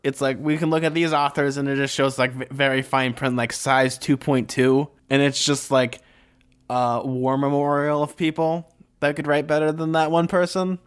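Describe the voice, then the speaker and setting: A man's voice: mid-range voice, little pitch movement, normal speed, clean tone. A man in the middle of his range co-hosting a casual podcast chat. He talks in a chatty, emphatic way, piling up fillers as he goes. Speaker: podcast co-host.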